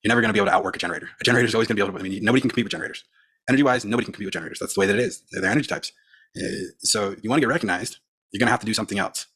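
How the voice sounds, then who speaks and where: A man speaking in a rushed, rapid-fire monologue. His voice is somewhat husky and low. He lays things out bluntly, as plain fact. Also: fairly bright tone. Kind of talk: explanatory monologue clip.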